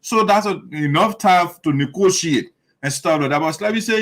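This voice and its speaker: A man's voice: high voice, moderate pace, a bit bright, rough recording. Fired-up man hosting commentary. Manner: emphatic, repetitive, mimics opponents' lines in raised voice. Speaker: show host. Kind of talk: heated political commentary.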